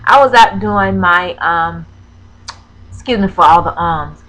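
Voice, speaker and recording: Hesitant, teary woman vlogger with a low voice. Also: unhurried, a bit bright, a little hiss or hum, rough recording. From Florida. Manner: hesitant, with many ums and self-corrections; emotional, close to tears. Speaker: crafting vlogger. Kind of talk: personal storytelling vlog.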